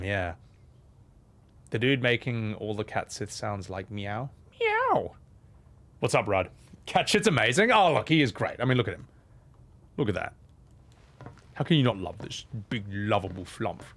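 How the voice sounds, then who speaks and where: A man streaming a video game, swearing and ranting at the controls, then mumbling softly to chat. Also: lowish voice, animated, normal speed. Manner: swears a lot, rants loudly at the game, then drops to soft mumbles. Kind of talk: live gameplay commentary.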